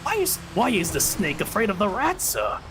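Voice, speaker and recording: Man putting on a high squeaky voice, nervous polite sidekick, game-stream storytelling, air-conditioner hum. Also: wildly swooping pitch, normal speed, vocal fry, exaggerated voice. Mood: fretful. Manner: high squeaky pleading, calls him sir. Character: meek polite male sidekick, fretful.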